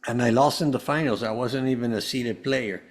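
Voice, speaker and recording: A man's voice: medium pitch, steady tone, moderate pace. Earnest man rambling through a personal story. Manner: earnest, rambling, many restarts. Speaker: guest, holistic health coach.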